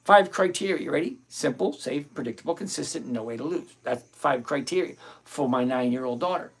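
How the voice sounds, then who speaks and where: A man's voice: a little high, fairly quick, vocal fry, slightly rough. A middle-aged man hosting a live trading stream, bluntly thinking aloud and greeting viewers by name. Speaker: livestream host.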